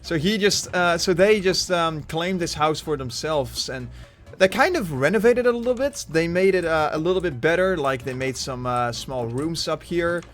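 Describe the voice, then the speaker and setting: Rambling male streamer, slightly high voice. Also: expressive, normal speed, a bit bright. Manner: rambling, many fillers and restarts. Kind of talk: casual Minecraft livestream commentary. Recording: faint music behind.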